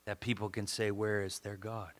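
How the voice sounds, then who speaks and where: A male pastor preaching a sermon, swinging from loud fervent exhortation to hushed pleading and often repeating words when stirred. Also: lowish voice, level tone, normal speed.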